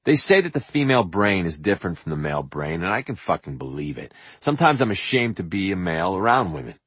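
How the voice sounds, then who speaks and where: Husky low-voiced man reading his memoir. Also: quick pace, no echo. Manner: animated and profane, acts out quotes and sings snippets. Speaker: memoir narrator.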